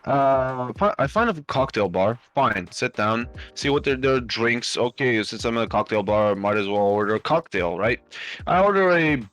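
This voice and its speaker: A man's voice: mid-range voice, expressive, moderate pace, fairly bright tone, faint music behind. A man casually telling a long anecdote on a live stream, rambling with lots of fillers and restarts and swearing freely. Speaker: stream host.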